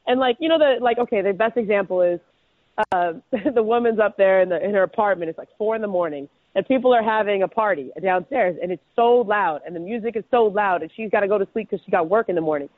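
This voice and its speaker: A woman's voice: mid-range voice, quick pace, no echo. A woman calling in as a guest, chatting casually about sports in a persuasive way, with lots of "like" and "you know". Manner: chatty, filler-heavy, persuasive. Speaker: guest reporter. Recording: tinny phone line.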